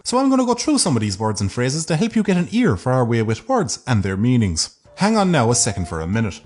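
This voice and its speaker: An Irish man giving scripted comedic narration in a deadpan, sardonic way. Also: mid-range voice. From Ireland.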